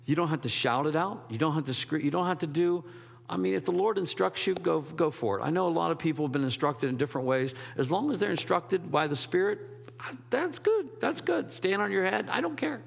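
A man's voice: fairly high pitch, lively intonation, fast talker, creaky, in a large hall. A man preaching a sermon as a pastor, in a conversational, rambling way with restarts and quoted asides.

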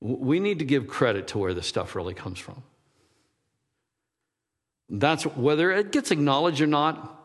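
A pastor in his sixties delivers a loose, conversational sermon, wandering off track and joking at his own expense. His voice sits at an ordinary pitch for a man. The sound rings on in a long hall reverb. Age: 60s. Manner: rambling, self-deprecating, laughs at himself.

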